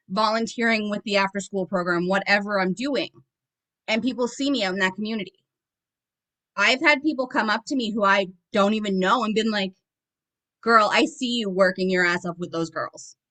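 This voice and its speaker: A woman's voice: medium pitch, normal speed, sharp tone, low-quality recording. A Canadian woman chatting on a group call, telling folksy stories and tips. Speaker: team member sharing tips.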